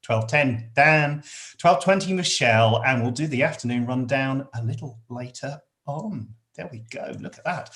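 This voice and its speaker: A man co-hosting a casual livestream, reading out a schedule in a jokey, lively way. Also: mid-range voice, moderate pace. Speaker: co-host.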